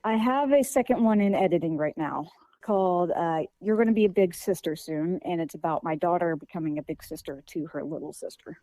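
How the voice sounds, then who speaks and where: Soft-spoken hesitant young woman. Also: fairly low pitch, fairly quick, no echo, low-quality recording. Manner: hesitant, many fillers and restarts. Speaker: guest author. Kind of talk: casual interview answers.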